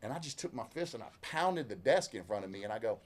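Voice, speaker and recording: A man with a Southwest Louisiana accent and a gravelly growl in his voice, telling a rambling, folksy story in casual chat as a country singer guest. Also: on the low side, lively intonation, quick pace. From Lake Charles, Louisiana. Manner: rambling, folksy, self-interrupting. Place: inside a vehicle.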